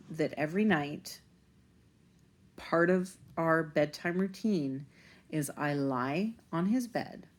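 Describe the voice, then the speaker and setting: A woman's voice: sits low, darkish tone. A woman talking casually to the camera as a parent vlogger, rambling a little and using plenty of fillers. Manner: conversational, rambling, with fillers and restarts.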